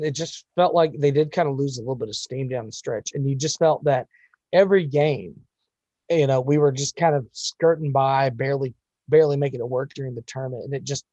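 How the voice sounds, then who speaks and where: A man's voice: mid-range voice, dark tone, no echo. A young man co-hosting a podcast, chatting casually and teasing his partner. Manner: joking and teasing. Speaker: podcast co-host. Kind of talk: casual chat.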